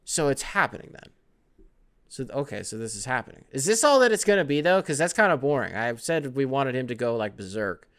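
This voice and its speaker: Talking a little fast in a mid-range voice, this young podcast host runs a casual sports show. His style is rambling and animated, heavy on profanity, and he hops from topic to topic.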